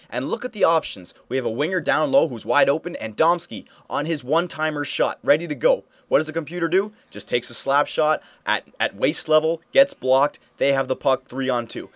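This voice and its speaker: A man's voice: a little high, fairly bright tone. A young man hosting a casual game tutorial, explaining plays over footage in a coaching tone and often checking in with "okay?". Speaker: video game tutorial host. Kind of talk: casual gameplay tutorial commentary.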